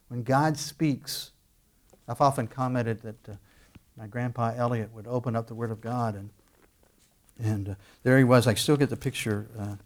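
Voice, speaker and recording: A man's voice: medium pitch, darkish tone. Conversational man preaching a sermon. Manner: conversational, with bursts of emphasis and many restarts. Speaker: pastor.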